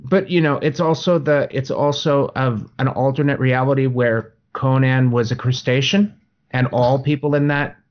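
A man's voice: mid-range voice, fairly even intonation, normal speed, muffled recording. A man co-hosting a casual podcast chat about tabletop games, rambling with repeated words and frequent laughs. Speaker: podcast co-host.

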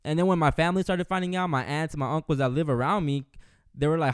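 Fast-talking man with a smooth voice. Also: on the high side, no echo. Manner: animated storyteller, acting out relatives' words. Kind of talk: casual chat.

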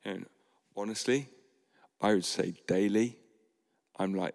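A man delivers an earnest sermon, mostly soft and measured but rising into sudden emphatic bursts. His voice sits low with a gravelly edge. The hall around him rings with a long reverb. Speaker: pastor.

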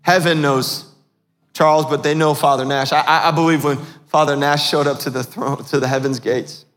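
High-voiced male pastor preaching in a hall. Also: fairly even intonation, moderate pace, a bit bright. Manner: preaching with call-and-response questions to the congregation. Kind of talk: sermon.

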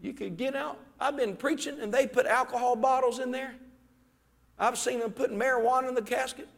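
A man preaching a fervent sermon as pastor, swinging between shouted peaks and quiet, low asides. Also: steady tone, a little fast, creaky. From Ohio. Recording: reverberant church hall.

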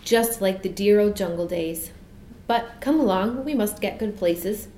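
A woman's voice: mid-range voice, a little slow, mellow, slight background noise, natural voice. A woman voicing a proud, friendly male lion in a storybook reading, in an echoey room. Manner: proud, genial.

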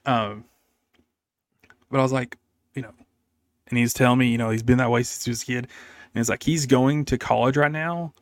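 A man's voice: medium pitch, no echo, clean studio sound. A young man, co-host of a gaming podcast, telling a story in casual chat and laughing often.

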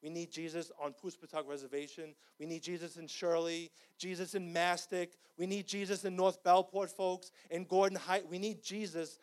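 A man preaching. His voice sits high for a man, and he moves from fervent, shouted cries to hushed, earnest appeals. The delivery is passionate and unpolished. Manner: impassioned, rising to shouts. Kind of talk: sermon. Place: church.

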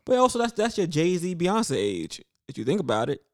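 Lively young man, teasing podcast talk. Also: a little high, moderate pace. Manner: lively, teasing, laughs often. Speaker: podcast co-host. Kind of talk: casual chat.

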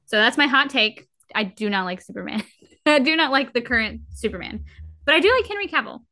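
A young woman co-hosting a casual podcast chat, animated and opinionated, acting out her own reactions. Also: fairly high pitch, a little fast, dry recording. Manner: animated, opinionated, quotes herself in lively bits.

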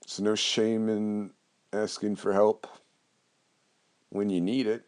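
A man speaking slowly and earnestly about spiritual guidance, his voice dropping low and quiet at times. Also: flat delivery. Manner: slow, earnest, gets emotional and quiet. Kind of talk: spiritual talk to camera.

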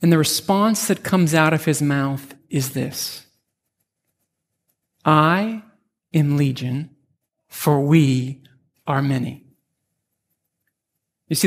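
A male pastor with a notably high voice preaches a narrative sermon, vividly retelling a scene in the second person. He often restarts and repeats words.

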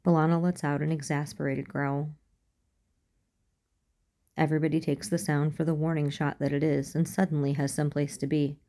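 Woman reading fanfic audiobook, calm, low gravelly voice. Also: moderate pace. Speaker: audiobook reader. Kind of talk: first-person fan fiction reading.

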